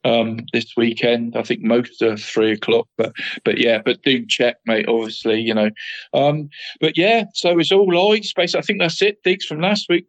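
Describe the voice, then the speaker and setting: A man's voice: fairly high pitch, a bit bright, no room sound, poor audio. A man co-hosting a football podcast in casual chat, who keeps adding "mate" and often stumbles over his words.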